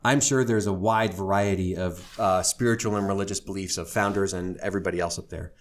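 A man's voice: low-pitched, brisk. A middle-aged man telling his life story to a live audience, candid and wry, poking fun at himself. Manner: wry, self-deprecating, animated when quoting others.

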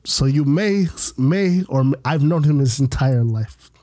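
A man co-hosting a podcast in casual chat, animated, swearing a lot and swinging between a deep voice and a high one. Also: unhurried. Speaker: podcast co-host.

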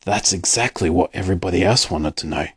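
A man voicing a gentle old grandfather in a storybook reading, telling a tale softly. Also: deep voice, fairly quick, husky, pitched below the performer's own voice. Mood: hushed. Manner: soft and hushed.

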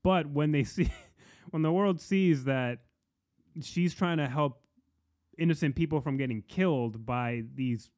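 A man's voice: fairly high pitch, a little slow. A man co-hosting a podcast, chatting casually and laughing often as he reviews a show. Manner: animated, laughs often, profane. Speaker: podcast co-host.

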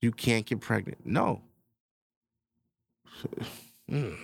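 A man's voice: fairly low pitch, expressive, drawn-out words, gravelly. A young man hosting a podcast, telling crude stories in casual chat and acting out quotes in a raised voice. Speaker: podcast host.

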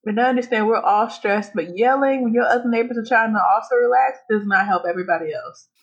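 A woman's voice: fairly high pitch, quick pace, breathy edge. A woman co-hosting a podcast in casual chat, blunt and profane, laughing often. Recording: dull lo-fi recording.

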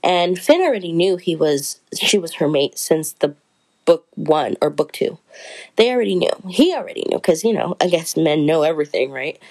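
A woman's voice: sits low, expressive, normal speed, darkish tone, poor audio. A woman chatting casually through a book review, rambling and correcting herself as she goes.

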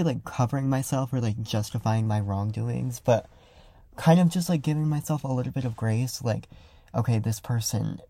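Loud, rambling young man with a gravelly voice. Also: fairly low pitch, no room sound. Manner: loud, rambling, filler-heavy, reflective. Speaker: podcast host. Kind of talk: casual solo podcast talk. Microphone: close studio mic.

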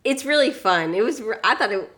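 A woman's voice: fairly high pitch, animated, a little fast, fairly bright tone. A woman co-hosting a podcast, chatting casually and recounting things with lots of fillers. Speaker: podcast co-host. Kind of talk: casual chat.

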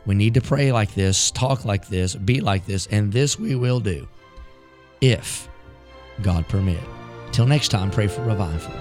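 A man's voice: fairly low pitch, unhurried, darkish tone, soft background music. A man who is a pastor, preaching a sermon built on repeated rhetorical questions.

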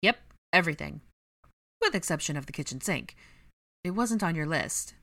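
A woman's voice: low voice, expressive, moderate pace, creaky, bright, forceful tone, exaggerated voice. A woman reading the part of a wry, joking young man in a storybook reading.

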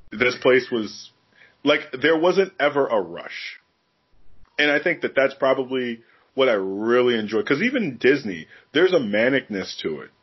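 A man's voice: fairly low pitch, breathy edge, muffled recording. A man co-hosting a podcast, telling stories in a candid, profane, casual way. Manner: candid, profane, animated storytelling. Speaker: podcast co-host. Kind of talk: casual chat.

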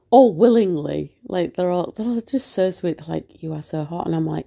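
A woman's voice: on the low side, lively intonation, slow, creaky, long pauses, warm tone, slightly rough. A woman rambling through a casual podcast monologue while unwell, often sinking into a whisper. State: unwell with a virus.

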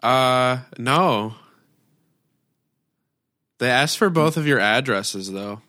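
Chill guy on a podcast, slow talker, short answers, dry sound. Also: medium pitch, expressive, pushed and bright, dry recording. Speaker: podcast co-host. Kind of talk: casual podcast chat.

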